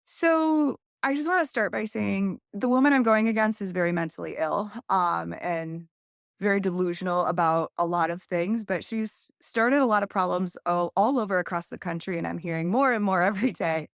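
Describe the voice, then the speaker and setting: A woman's voice: medium pitch, moderate pace, gravelly, smooth, no room sound, clean studio sound. A young adult woman, a podcast guest, telling a long story candidly in a casual interview and acting out quoted voices.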